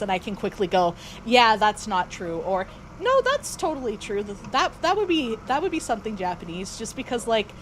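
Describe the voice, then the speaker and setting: A woman's voice: mid-range voice, a little hiss or hum, poor audio. A woman streamer chatting casually while playing a game, rambling with lots of fillers and restarts. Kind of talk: casual chat while gaming.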